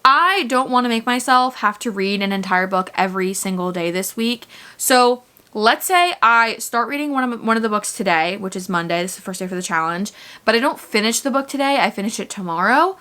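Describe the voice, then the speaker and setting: A woman's voice: mid-range voice, lively intonation, fairly quick, sharp tone, clear, resonant tone. A young woman vlogging casually about a reading challenge, chatty and dramatic about how the books make her feel. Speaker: book vlogger. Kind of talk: casual vlog chat.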